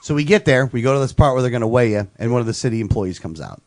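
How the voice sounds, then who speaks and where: A man's voice: medium pitch, expressive, rapid-fire, darkish tone. A man co-hosting a casual talk show, telling a story with jokes and laughs. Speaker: show host. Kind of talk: casual chat.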